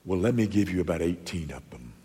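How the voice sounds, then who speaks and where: A man preaching a sermon to his congregation, emphatic, with dramatic pauses and rhetorical questions. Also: deep voice, lively intonation, mellow, husky. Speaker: pastor. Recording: long echoey church reverb.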